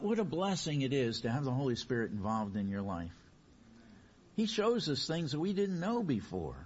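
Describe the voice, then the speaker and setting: A male pastor delivering a sermon, his voice swelling in loudness to stress points. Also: medium pitch, big pitch swings, normal speed, slightly rough. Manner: preaching with emphatic swells in loudness. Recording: dull lo-fi recording.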